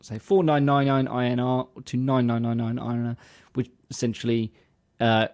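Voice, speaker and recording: A man's voice: medium pitch, flat delivery, normal speed, a little mellow. A man co-hosting a casual music podcast, explaining things at length in a chatty way. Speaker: podcast co-host.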